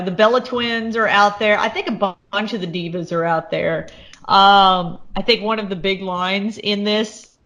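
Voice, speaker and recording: A woman's voice: mid-range voice, a bit bright. A woman co-hosting a podcast, talking casually in a rambling way with many restarts. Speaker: podcast co-host. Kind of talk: casual chat.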